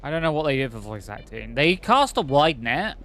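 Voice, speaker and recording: A man's voice: medium pitch, sing-song, moderate pace, a bit bright, soft background music. A man streaming a video game, thinking aloud and rambling in casual commentary with many fillers.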